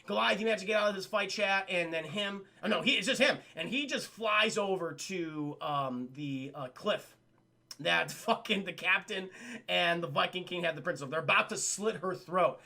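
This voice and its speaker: Bright, gravelly-voiced man recapping a cartoon. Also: sits high, moderate pace. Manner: animated, swearing, keeps addressing chat. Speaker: cartoon reviewer streaming to chat. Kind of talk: casual profane recap.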